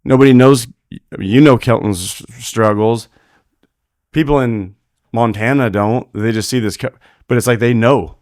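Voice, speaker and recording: A man's voice: mid-range voice, measured pace, darkish tone, no room sound, clean studio sound. A man who is a rodeo roper and father, a podcast guest telling blunt, profane stories full of quoted dialogue in a casual interview.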